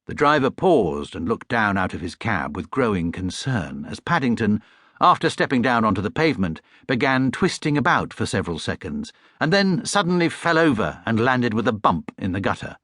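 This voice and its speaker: A man with an English accent narrating a children's audiobook in a warm, expressive storytelling manner. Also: lowish voice, normal speed, dry recording, clean studio sound. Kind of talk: scripted narration. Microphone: studio mic.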